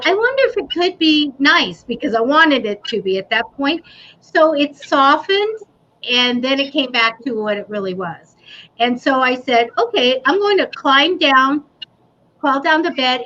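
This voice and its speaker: A woman in casual chat, telling a ghost story with animation and acting out what she said. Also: sits high. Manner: animated storytelling, acting out her own quotes. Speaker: paranormal talk show panelist. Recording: dull lo-fi livestream audio with faint noise.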